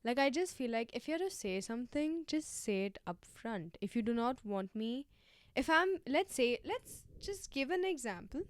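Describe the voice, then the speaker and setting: A woman's voice: a little high, normal speed, no room sound. Chatty young woman podcaster, dry sound. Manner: chatty, animated, slangy. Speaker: podcast host. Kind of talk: casual solo podcast chat.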